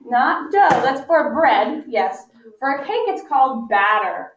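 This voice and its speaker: A woman teacher leading a phonics lesson for young children, patient and encouraging, stretching out sounds slowly for them to follow. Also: high-pitched, big pitch swings, noisy background. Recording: echoey, distant, muffled classroom audio.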